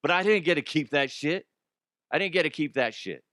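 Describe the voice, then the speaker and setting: A man's voice: a little high, lively intonation, a little fast, bright, forceful tone, dry recording, studio quality. Swearing, laughing male podcast host. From Colorado. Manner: chatty, laughing, swears freely. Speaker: podcast host, former radio voiceover. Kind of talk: casual profane comedic rant.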